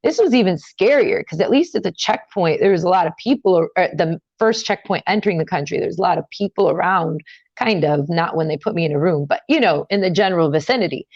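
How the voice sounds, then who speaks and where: A young woman telling a personal story in an interview, talking casually with many fillers and getting animated and higher when upset. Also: fast, no echo, dull audio. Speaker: interview guest.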